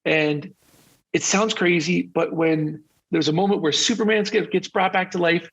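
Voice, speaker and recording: Husky, gravelly man on a dull recording. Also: high-pitched, steady tone, moderate pace, fairly bright tone. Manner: open, confessional storytelling. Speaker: podcast guest. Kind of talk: casual interview conversation.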